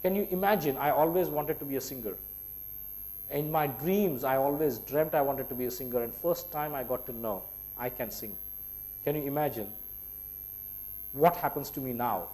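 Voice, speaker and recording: A man's voice: mid-range voice, normal speed, pauses often, dark tone, poor audio. A middle-aged man with an Indian English accent, a workshop trainer animatedly retelling a classroom story and voicing the people in it. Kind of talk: storytelling to an audience.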